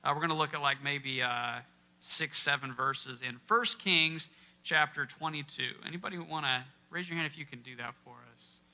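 Speaking at normal speed in a sharp, higher-pitched voice, this workshop speaker gives an interactive Bible lesson to a live audience in a church. He quizzes the listeners conversationally and puts emphasis on key words.

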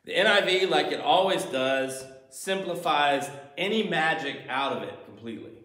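A man delivers a sermon in a slightly raised voice, swinging from loud, emphatic lines to quiet, low asides. The room around him is echoey. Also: animated, normal speed. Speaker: pastor.

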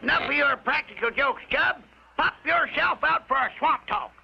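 High creaky backwoods swamp codger, old lo-fi cartoon sound. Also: male voice, normal speed, exaggerated voice. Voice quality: gravelly, drawling country talk. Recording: dull lo-fi 1950s TV soundtrack with music.

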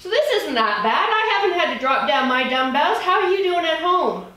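A woman's voice: very high voice, lively intonation, moderate pace, bright, forceful tone. A woman in her forties leading a dumbbell workout, chatting casually, laughing often and swearing now and then. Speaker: fitness trainer. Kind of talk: workout instruction with casual chat. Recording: roomy echo, voice from a distance.

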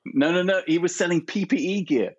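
A man chatting as a podcast guest, animated, laughing often and trailing off into restarts. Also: high-pitched, fairly quick, husky, no echo, lo-fi sound. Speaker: podcast guest, artist and photographer. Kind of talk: casual chat.

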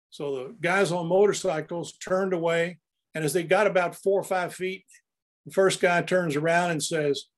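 Older guy talking through his photos, fairly high voice, folksy storyteller. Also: fairly even intonation, normal speed. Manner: anecdotal storyteller. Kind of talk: narrated photo presentation.

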